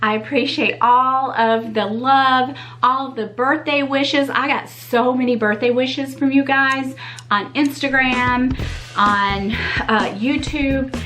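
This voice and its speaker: High-voiced woman gushing over gifts. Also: steady tone, slow pace, bright, forceful tone, soft background music, low-quality recording. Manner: gushing, exclaims often in delight; talks straight to viewers. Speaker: YouTube channel host. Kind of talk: casual unboxing vlog.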